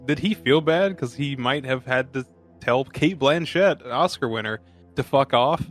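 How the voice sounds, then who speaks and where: A man's voice: medium pitch, moderate pace, faint music behind. A man co-hosting a casual movie podcast, sarcastic and jokey, swearing freely. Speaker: podcast co-host. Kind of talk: casual movie review chat.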